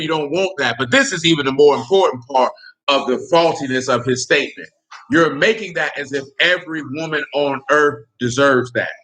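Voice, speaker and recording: Heated and profane, this man holds forth on his podcast in a high, bright voice, offering casual, blunt commentary. "You know what I'm saying," he asks repeatedly, making sure the audience follows.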